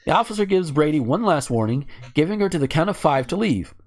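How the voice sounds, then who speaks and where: Man ranting about the news, lively. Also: fairly high pitch, fast talker. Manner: ranting, profane, sarcastic asides. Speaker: podcast host. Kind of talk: casual podcast chat, reading news stories.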